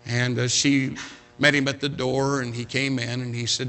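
A man pastor telling a story in a sermon, swinging from loud to hushed. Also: medium pitch, little pitch movement, moderate pace, a little hiss or hum. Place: church sanctuary.

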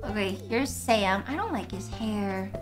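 A woman's voice: mid-range voice, measured pace, over music. A young woman streaming a farming game, chatting and teasing her co-player playfully. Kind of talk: casual gaming chat.

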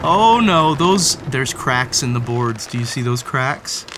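Through a very noisy recording, a woman with a very deep, sing-song voice takes her time reading a children's picture book aloud. Her delivery is playful and theatrical, full of gasps, exclamations and remarks aimed at the character.

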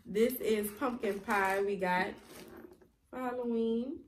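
A woman co-hosting a casual eating vlog, chatty and drawn-out when she explains. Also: fairly high pitch, slight background noise. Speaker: co-host. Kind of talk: casual mukbang chat.

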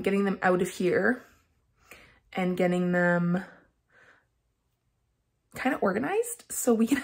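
A woman talking casually to the camera at home for a family vlog. She is chatty and excitable, and she rambles through lists with plenty of fillers. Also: medium pitch, gravelly. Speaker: family vlogger.

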